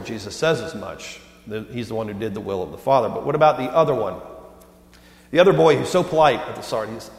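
A man in his thirties gives a sermon from the pulpit, chatting and joking his way through everyday stories. His mid-pitched voice carries through a roomy church sanctuary, and a long reverb trails after each phrase. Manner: conversational storytelling with humor. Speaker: pastor.

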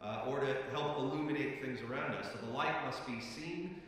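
Pastor preaching in an echoey hall. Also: male voice, medium pitch, normal speed. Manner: relaxed, conversational preaching with frequent "uh" fillers and emphatic repetitions. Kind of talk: sermon with scripture reading. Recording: echoey hall, voice picked up from a distance.

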